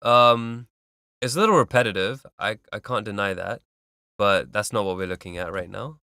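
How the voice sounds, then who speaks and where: A man's voice: on the low side, normal speed, bright, forceful tone, slight background noise. A man giving loose, instructive mixing feedback on a track, humming beats and using plenty of fillers. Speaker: music feedback streamer. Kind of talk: casual mixing advice.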